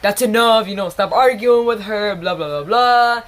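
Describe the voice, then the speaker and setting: A man's voice: high voice, normal speed, fairly bright tone. A woman voicing her protective young partner, who speaks in a firm, insistent way. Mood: calming.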